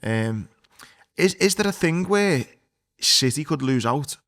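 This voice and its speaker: A man co-hosting a podcast, chatting casually about football in a blunt, sweary, animated way. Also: on the high side, slow pace, no echo, clean studio sound. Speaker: podcast co-host.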